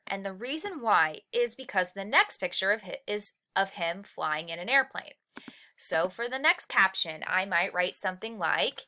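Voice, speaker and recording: Animated, bright-voiced woman teacher. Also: mid-range voice. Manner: patient, explains step by step with rhetorical questions; stretches and slows key words for emphasis. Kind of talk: recorded lesson walkthrough.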